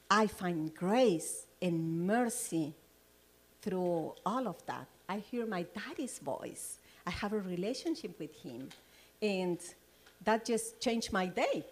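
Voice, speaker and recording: A woman leading a Bible study, sharing her personal testimony in a lively, rambling way and laughing often. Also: fairly low pitch. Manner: loose, rambling phrasing.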